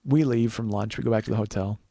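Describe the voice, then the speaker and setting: Gravelly man telling comic stories. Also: lowish voice, fast, no echo. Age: 40s. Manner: profane, rambling, animated storyteller. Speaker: podcast host. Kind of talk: comedic storytelling monologue.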